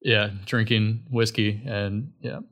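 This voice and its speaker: A man's voice: on the low side, fairly even intonation, slow, fairly bright tone, lo-fi sound. A young man chatting casually as a podcast guest, rambling loosely with lots of filler words. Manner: rambling, filler-heavy, laid-back. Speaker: guest musician.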